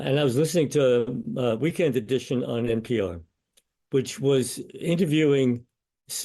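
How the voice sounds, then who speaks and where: An older man, a law professor, answering interview questions in a measured, storytelling way. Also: mid-range voice, dark tone.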